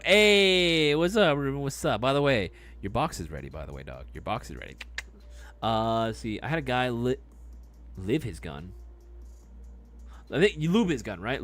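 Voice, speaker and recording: A young man hosting a live stream, chatting casually and reacting loudly to chat messages. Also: on the high side. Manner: laid-back, chummy, calls people dog and brother.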